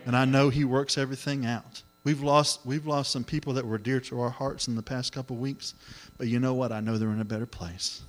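A middle-aged man preaching a sermon, telling the story in an animated way and acting out the voices. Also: mid-range voice, fairly quick, hardly any pauses. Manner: animated storytelling, acts out voices, exclamations of hallelujah.

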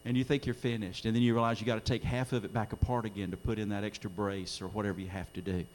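A man's voice: lowish voice, little pitch movement, fast, darkish tone. A middle-aged man preaching a sermon in a church, earnest, his voice swelling when he quotes scripture. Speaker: pastor. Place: church sanctuary during a live-streamed service.

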